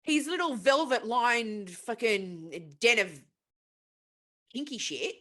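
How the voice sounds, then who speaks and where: A woman's voice: on the high side, animated, slow, sharp tone. A woman co-hosting a casual podcast, retelling a film plot in a profane, rambling way. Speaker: podcast co-host.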